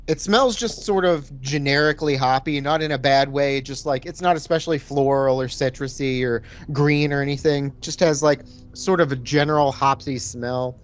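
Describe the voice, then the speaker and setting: A man co-hosting a podcast, describing a beer in a laid-back, rambling way. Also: a little high. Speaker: podcast co-host reviewing beer. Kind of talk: casual chat.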